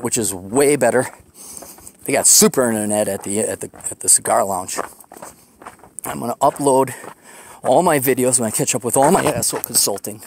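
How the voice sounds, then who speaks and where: A man's voice: mid-range voice, slight background noise. Profane, sarcastic man ranting on a hike. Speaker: podcast host. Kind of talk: casual rambling monologue while hiking. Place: outdoors on a desert hiking trail.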